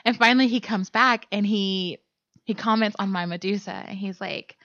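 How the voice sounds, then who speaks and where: A woman's voice: medium pitch, steady tone, brisk, creaky, a bit bright, no room sound. A woman co-hosting a comedic podcast, telling a story casually with lots of "like" and laughter. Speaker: podcast co-host. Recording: dull lo-fi dry sound.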